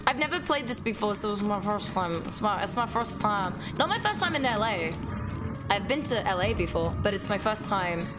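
Woman streamer, lively up-and-down voice, excitable, swears, chats with viewers, game music behind. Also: mid-range voice, normal speed. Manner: excitable, swears a lot, talks to chat. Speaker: livestreamer. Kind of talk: casual gameplay livestream chat.

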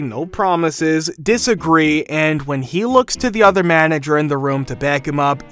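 Male story narrator, slightly high voice, even scripted delivery, faint music bed.

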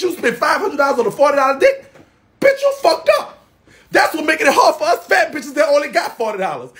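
A man giving casual gossip commentary in a sassy, profane, dramatic way, with loud exclamations and laughing. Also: very high voice. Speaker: gossip vlogger.

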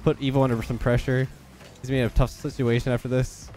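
A young man talks fast through his own match, calling plays with quick, focused commentary. His voice is stuffed up and nasal from a cold, and faint game music plays underneath. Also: mid-range voice, little pitch movement, mellow. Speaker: gaming YouTuber. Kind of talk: live gameplay commentary.

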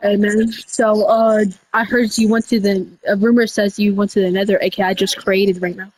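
A woman doing casual game role-play over voice chat, rambling with restarts and breaking into sudden high shouts. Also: level tone, moderate pace, slight background noise, poor audio. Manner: rambling, with many restarts and y'all. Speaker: roleplayer running a candy store character.

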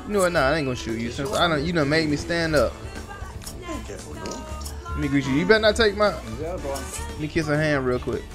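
A man's voice: fairly high pitch, fairly quick, long pauses, over music. A man doing let's play commentary, reacting with slangy, profane banter as he plays. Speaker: gaming commentator.

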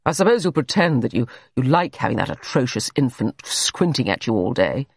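A man's voice: mid-range voice, very animated, brisk, vocal fry, breathy edge, no echo, studio quality, heavily acted. A narrator voicing a hot-tempered male painter. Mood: teasing. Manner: sharp, exasperated outbursts. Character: brooding young male painter, quick-tempered. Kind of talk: audiobook character reading.

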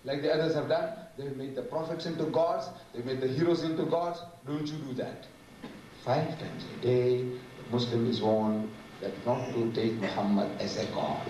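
A man gives an animated, humorous public lecture and sometimes mimics other voices. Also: mid-range voice, moderate pace. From South Africa. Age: 70s. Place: large lecture hall. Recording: echoey hall, distant mic, noisy.

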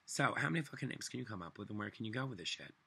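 A man rants alone to his camera, swearing freely and dripping with sarcasm. His voice sits low and husky, with a tense, forceful edge. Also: animated, rapid-fire. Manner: angry, profane, sarcastic ranting. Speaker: vlogger. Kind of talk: solo political rant.

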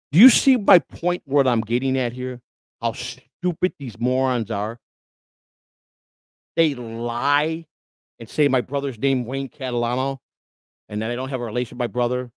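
A middle-aged man, ranting on his livestream, stumbling over restarts and swinging between loud outbursts and quiet asides. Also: mid-range voice, no echo. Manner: indignant, repetitive restarts, swings loud and soft. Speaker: livestream host.

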